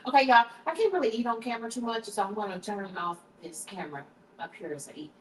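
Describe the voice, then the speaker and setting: A woman's voice: mid-range voice, fast talker, a little hiss or hum. A woman hosting a casual live stream from her kitchen, chatting with viewers while she tastes her food. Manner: chatty, talks to viewers, switches to hushed prayer. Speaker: livestream host. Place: home kitchen. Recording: roomy, distant camera mic.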